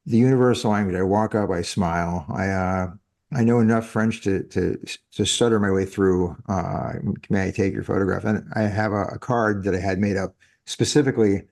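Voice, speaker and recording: A man's voice: fairly low pitch, steady tone, moderate pace, a little mellow. A man in his fifties hosting a casual interview, rambling and correcting himself as he goes. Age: 50s. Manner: rambling, self-correcting, chuckles often. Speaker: podcast host. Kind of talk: casual conversation. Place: living in France.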